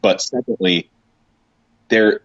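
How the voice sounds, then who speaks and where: A man talking casually about fitness and warm-ups in a podcast chat, rambling and emphatic with many restarts. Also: on the low side, fairly even intonation, takes it slowly, no room sound, highs cut off.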